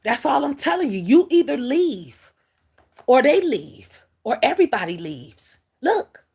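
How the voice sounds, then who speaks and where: Husky, gravelly woman giving a spiritual reading. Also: sits high, very animated, measured pace, darkish tone. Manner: rambling, emphatic, addresses viewers as y'all and baby. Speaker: spiritual reader on a live stream. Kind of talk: live spiritual reading, casual and preachy.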